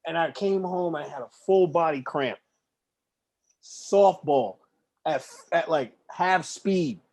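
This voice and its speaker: A man with a somewhat high voice talks slowly and unhurriedly with a friend. He sounds easygoing and pokes fun at himself as the chat rolls along. The feel is casual podcast talk. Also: darkish tone. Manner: easygoing, self-deprecating. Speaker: podcast co-host.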